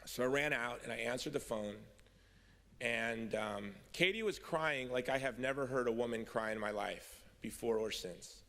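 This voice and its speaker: A middle-aged man tells his own story at a convention podium, wry at times and earnest at others. His voice is bright and forceful. It rings with the long reverb of a big hall. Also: medium pitch, normal speed, gravelly. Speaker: convention speaker. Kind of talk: personal testimony speech. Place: large hall.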